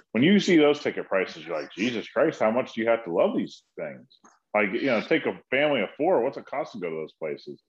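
A man's voice: fairly low pitch, dull audio. A man in a casual chat, rambling and calling people "dude". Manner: rambling, says "dude" a lot.

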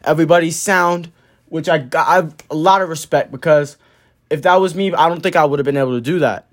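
A young man with a somewhat high voice tells a story straight to the camera. He talks loosely and profanely, with plenty of slang and fillers. His delivery is relaxed and casual. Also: quick pace. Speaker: vlogger telling a story.

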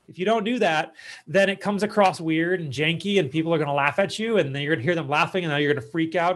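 A man with a fairly high voice hosts his own podcast and coaches the listener on public speaking. He talks in a loose, chatty way, teasing himself and slipping in joking asides. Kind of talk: casual advice monologue.

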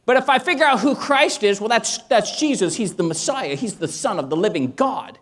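A middle-aged man preaching a sermon, who tells stories about home with humor and rises to shouts when he gets excited. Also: sits high, normal speed. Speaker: pastor.

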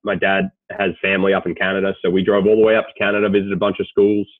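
A man's voice: low voice, completely flat delivery, fast talker, no echo. A man in his late twenties with an Australian accent, a guest telling a story in a laid-back, casual way, swearing freely. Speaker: guest, sports agent. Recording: tinny phone-like call audio.

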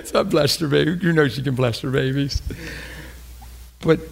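Brief: male preacher, slightly raised pitch, emphatic, conversational teaching. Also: normal speed, gravelly. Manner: emphatic, conversational, repeats phrases. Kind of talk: sermon teaching.

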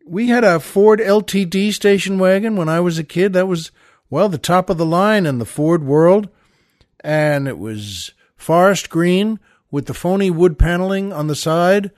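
A man's voice: high-pitched, dry recording, clean studio sound. An older man hosting a podcast, telling stories in a casual, rambling way, with many "uh"s and restarts, and calling his listeners "folks.". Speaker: podcast host. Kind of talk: casual storytelling monologue.

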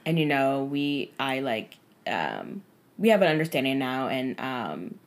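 A young woman telling a dating story on a podcast in casual, profane chat, animated and full of fillers. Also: extremely low pitch, unhurried.

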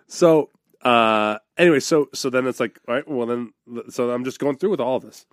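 A man's voice: medium pitch, normal speed, no echo, studio quality. A man co-hosting a podcast, telling a story in casual chat and laughing often. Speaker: podcast co-host.

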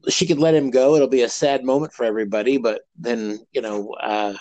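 A man's voice: mid-range voice, steady tone, fairly quick, darkish tone, no echo, low-quality recording. A man co-hosting a podcast, chatting casually and rambling with many fillers and restarts. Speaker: podcast co-host. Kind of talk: casual chat.

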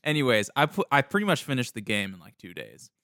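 A man's voice: mid-range voice, big pitch swings, fast, sharp tone, no echo, clean studio sound. A young man talking casually on a podcast in a laid-back, playfully defensive way. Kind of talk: casual chat.

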